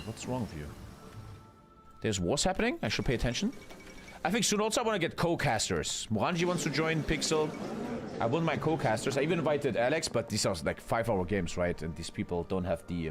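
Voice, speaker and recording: A man casting a multiplayer strategy game on a live stream, chatty and swearing freely as he talks to his chat. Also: medium pitch. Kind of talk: casual live-stream commentary.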